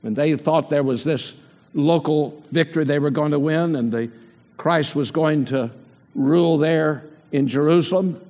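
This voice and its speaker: A man's voice: on the high side, unhurried, a little mellow. An older man preaching a sermon and putting rhetorical questions to the congregation. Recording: long hall reverb.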